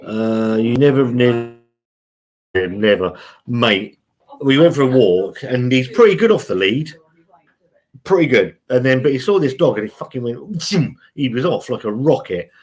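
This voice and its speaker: A man's voice: mid-range voice, lively intonation, moderate pace, a little mellow. A man hosting a casual live stream from home, reading out chat messages in a chatty, blunt, sweary way and calling everyone mate.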